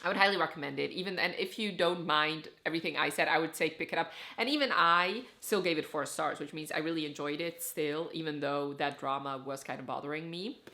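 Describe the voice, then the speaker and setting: A woman's voice: on the low side, pushed and bright. A woman chatting casually as a book reviewer, talking through her reading plans and thoughts with lots of "like" and "so" fillers. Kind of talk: casual book vlog chat.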